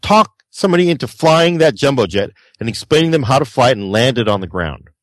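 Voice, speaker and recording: A man co-hosting a podcast, telling his stories with a lively, swooping voice. He slips into impressions of the people in them and swears without holding back. The sound is dry and close, with no room echo. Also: mid-range voice, fast talker. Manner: animated storyteller, acts out quoted people, swears freely. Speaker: podcast co-host. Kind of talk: casual podcast banter.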